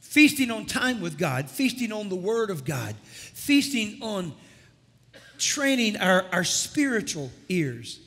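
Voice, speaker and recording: A man's voice: sits high, big pitch swings, slow, fairly bright tone, slightly rough. A man preaching a sermon as pastor in a church, stumbling over repeated words and calling out to his congregation. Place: church sanctuary. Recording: long church hall reverb.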